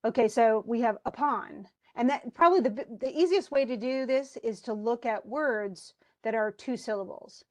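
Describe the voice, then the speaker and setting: A woman's voice: on the high side, moderate pace, few pauses, a little mellow. A woman instructor giving an online class lecture over a computer mic, talking conversationally with many restarts and check-ins with the students. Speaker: college English instructor.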